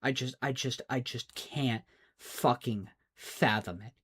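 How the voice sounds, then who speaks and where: A man's voice: mid-range voice, slow, fairly bright tone, husky. A man, a streamer, in an exasperated, profane rant, often stammering and restarting his words. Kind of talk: angry rant.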